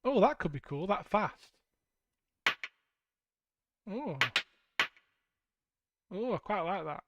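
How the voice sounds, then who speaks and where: High-voiced, playful man. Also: big pitch swings, slow, dull audio, heavy background noise. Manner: playful, rambling, jokey asides to chat. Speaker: band member streaming music production. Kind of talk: casual livestream chat while producing.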